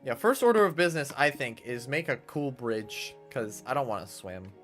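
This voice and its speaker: A man's voice: medium pitch, animated, moderate pace, a bit bright. A man streaming a game, chatting casually and nostalgically while he thinks aloud. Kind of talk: casual gameplay commentary. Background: faint game music.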